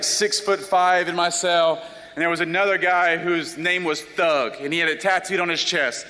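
Man, young adult, animated testimony storyteller, sharp voice, long hall reverb. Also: high-pitched. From South Carolina, US. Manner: animated, self-deprecating storyteller. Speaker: speaker giving a personal testimony.

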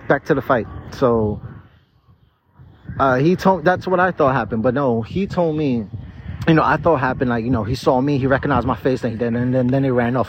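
A man's voice: medium pitch, lo-fi sound, slight background noise. A tipsy, slurring young man tells a rambling, profane story straight to his viewers from a park. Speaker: vlogger. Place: outdoors in a park.

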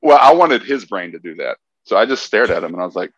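A man's voice: fairly low pitch, big pitch swings, quick pace, no room sound, lo-fi sound. A man chatting casually on a podcast, earnestly retelling stories with quoted dialogue. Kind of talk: casual chat.

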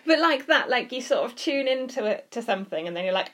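A woman's voice: fairly high pitch, lively intonation, a little fast, a bit bright. Chatty woman, youth leader. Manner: chatty, teasing, lots of fillers. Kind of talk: casual teaching chat.

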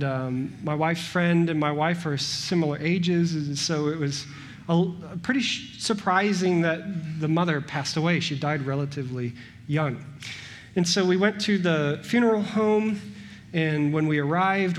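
Pastor, man in his thirties, slightly high voice, chatty sermon delivery, rhetorical questions, rising rhythmic lists. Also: a little hiss or hum. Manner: conversational, asks the congregation rhetorical questions; builds long rhythmic lists with rising emphasis.

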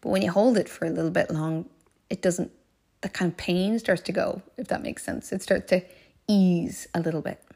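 A woman's voice: lowish voice, steady tone, moderate pace, gravelly, a little mellow, breathy edge. A woman hosting a life coaching podcast, telling a personal story in an earnest, heartfelt way and repeating phrases for emphasis.

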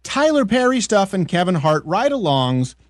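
A male podcast host from French Canada who talks in opinionated, joking rants. His pitch swings up and down a lot. The sound is dry and close, with no room in it. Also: normal speed, no echo. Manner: opinionated, animated, jokey rants. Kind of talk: casual comedic political chat.

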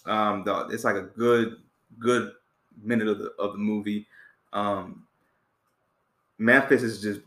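A man's voice: lowish voice, fairly bright tone, reverberant. A man hosting a podcast, chatting casually about a movie and acting out scenes with quoted voices. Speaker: podcast host.

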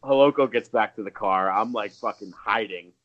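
A man in his thirties, a podcast co-host telling a story casually, swearing freely and jumping up in pitch when acting out quotes. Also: moderate pace, fairly bright tone, muffled recording. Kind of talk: casual storytelling among friends.

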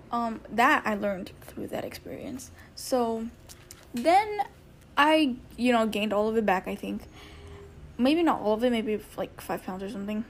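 Young woman podcasting from home, kinda high voice, rambly, says like a lot. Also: slight background noise. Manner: rambling, heavy use of "like", acts out quotes. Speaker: podcast host. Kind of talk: casual storytelling podcast.

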